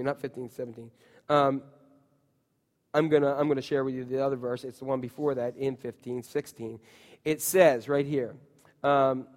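A man preaching a sermon in a church, animated and calling out to the congregation. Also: fairly high pitch. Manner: animated, calls out to the congregation, acts out shouts. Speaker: pastor. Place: church sanctuary. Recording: long hall reverb.

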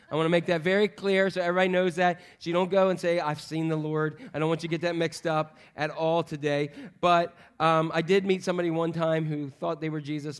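High-voiced pastor telling a funny story. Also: male voice, clear, resonant tone. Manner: animated, humorous storytelling with many fillers. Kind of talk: sermon.

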